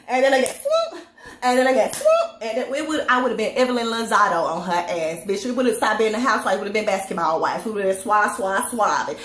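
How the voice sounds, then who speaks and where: A young woman doing a casual reality-TV recap, brash and profane, laughing often as she talks. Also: a little high. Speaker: TV recap vlogger. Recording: echoey room with faint hiss.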